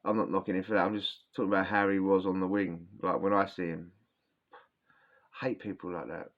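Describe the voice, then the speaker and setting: A man's voice: low voice, little pitch movement, brisk. A man telling prison stories in a rambling, slangy way, often restarting his sentences, with a sore throat. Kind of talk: casual storytelling. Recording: dull lo-fi sound.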